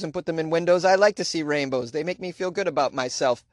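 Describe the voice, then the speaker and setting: A man's voice: a little high, quick pace, hardly any pauses, dry recording, clean studio sound. A middle-aged man with a Boston accent hosting a comedic news podcast, joking and ranting sarcastically, recorded in a small closet. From Boston, USA. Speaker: podcast host.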